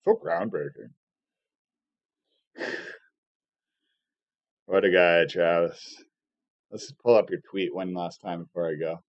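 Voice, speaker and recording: A man's voice: deep voice, takes it slowly, long pauses, no echo, muffled recording. A man streaming a casual, rambling rant full of filler words and profanity, often sarcastic and mocking. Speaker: live streamer. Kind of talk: casual ranting monologue.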